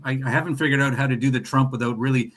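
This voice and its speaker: A man on a comedy podcast who talks quickly and readily chimes in with agreement. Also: mid-range voice, fairly even intonation, a crowd in the background. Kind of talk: casual podcast banter.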